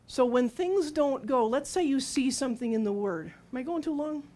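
A woman's voice: high voice, lively intonation, moderate pace, few pauses, warm tone. A middle-aged woman preaching a sermon in a conversational, humorous storytelling way, acting out quotes as she goes.

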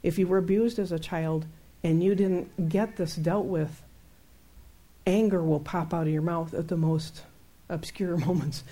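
Middle-aged woman, warm low voice, chatty faith teacher who laughs and acts out stories. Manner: animated, laughs often, acts out her own outbursts. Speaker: Christian teacher. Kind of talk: conversational Bible teaching.

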